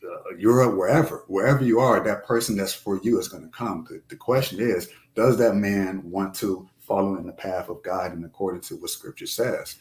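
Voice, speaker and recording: A man speaks as a guest in a casual talk show. He is earnest and a little preachy. His voice sits low. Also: normal speed, hardly any pauses. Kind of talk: casual chat.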